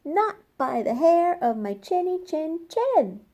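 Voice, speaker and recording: A woman voicing a cheeky young male pig in a children's story, high, squeaky and defiant. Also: sing-song, takes it slowly, a little mellow, exaggerated voice.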